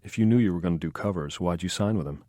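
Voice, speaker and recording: A street-smart ex-gangster who speaks calmly and briefly, read by a man in a deep, low voice. Close, dry sound with no room. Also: dry recording, close to an everyday voice. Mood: cool. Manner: calm, laconic, unhurried. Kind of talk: audiobook dialogue.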